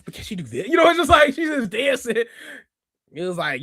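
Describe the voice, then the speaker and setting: A man's voice: very high-pitched, wildly swooping pitch, a little fast, creaky, sharp tone, dry recording, studio quality. A man hosting a podcast in casual, rambling chat, laughing often as he talks. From Chicago area. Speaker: podcast host. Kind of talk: casual wrestling review chat.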